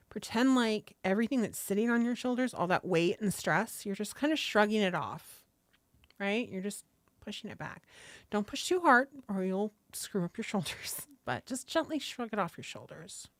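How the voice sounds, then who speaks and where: A woman's voice: medium pitch, lively intonation, normal speed, dry recording. Chatty woman on a dry close mic. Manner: chatty, swears casually, greets viewers from chat. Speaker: livestream host. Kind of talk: casual livestream chat leading stretches. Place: seated at a table at home. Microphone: desk microphone close by.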